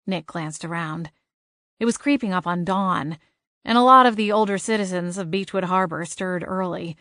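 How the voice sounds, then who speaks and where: A woman narrating a cozy paranormal audiobook in the first person, lively with wry asides. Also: lowish voice, normal speed, no room sound.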